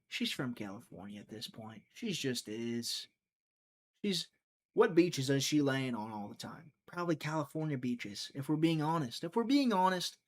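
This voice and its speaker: A man talks his way through picks on a casual livestream. His voice sits a little high for a man. He rambles, jokes sarcastically and thinks out loud as he goes. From Mississippi. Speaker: livestream host making fight picks.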